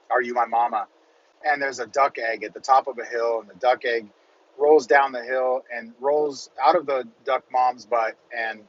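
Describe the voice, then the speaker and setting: A middle-aged man and real estate coach in a casual motivational monologue, rambling and conversational, often checking in with a quick "right?". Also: on the high side, fairly bright tone, lo-fi sound.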